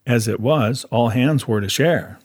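A man reading a classic adventure novel aloud as first-person audiobook narration, in a measured, even storytelling manner. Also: mid-range voice, slightly rough.

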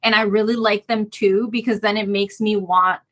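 A woman's voice: medium pitch, steady tone, moderate pace, fairly bright tone. A woman chatting casually in a book discussion, talking loosely with lots of filler words. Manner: chatty, frequent "like" fillers, laughs often. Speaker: book club member.

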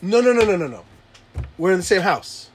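Animated high-voiced father swearing. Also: a little fast, a little hiss or hum. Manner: animated, acts out his kids and himself yelling. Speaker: father telling a story. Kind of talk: casual profane chat.

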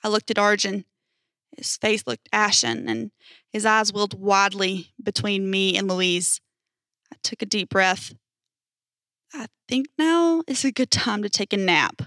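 A young woman hosting a podcast, narrating a first-person horror story in an even storytelling voice. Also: medium pitch. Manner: even storytelling, hesitant um in sign-off.

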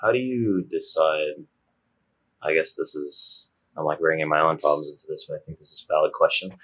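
Very deep, husky young man chatting. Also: fairly even intonation, fairly quick, fairly bright tone. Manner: enthusiastic, laughs often, rambles with fillers. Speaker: podcast co-host. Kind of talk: casual chat.

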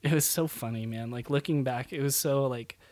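A man's voice: mid-range voice, normal speed, darkish tone, dry recording. A young man and new father, co-hosting a podcast in casual chat, rambling with lots of fillers and laughs as he tells stories. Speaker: podcast co-host.

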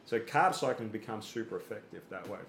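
A fitness coach with a lowish, fairly bright voice talks a little fast with lively intonation in a podcast chat, using everyday analogies, little acted-out quotes, and repeating words as he thinks. The room is roomy and echoey, with slight background noise.

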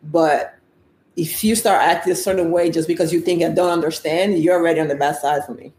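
A woman's voice: fairly low pitch, fairly quick. A young woman from Italy, a basketball player, telling stories bluntly in a casual interview. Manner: blunt, animated, acts out quoted exchanges. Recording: echoey room with faint background noise.

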